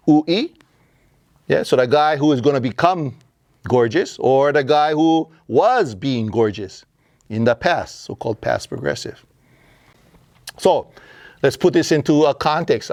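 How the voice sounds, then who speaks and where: A man's voice: on the high side, darkish tone, dry recording, clean studio sound. A man teaching a grammar lesson, explaining patiently and asking and answering his own questions. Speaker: Hawaiian language teacher.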